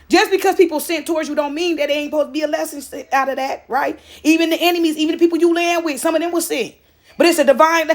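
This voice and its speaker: High-voiced woman, lively casual monologue with impressions. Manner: animated storytelling, mimics others.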